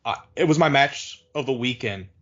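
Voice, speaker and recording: A man's voice: mid-range voice, lively intonation, normal speed, fairly bright tone. Casual podcast guy, says like constantly, mid voice, muffled lo-fi audio. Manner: rambling, heavy use of "like", restarts. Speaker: podcast co-host. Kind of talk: casual chat. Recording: dull lo-fi audio.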